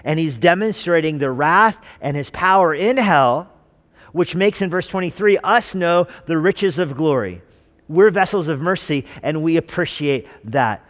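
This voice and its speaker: A man's voice: a little high, lively intonation, unhurried, a bit bright. Man preaching in a reverberant church. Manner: conversational preaching with jokes and rhetorical questions. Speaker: pastor. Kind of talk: sermon.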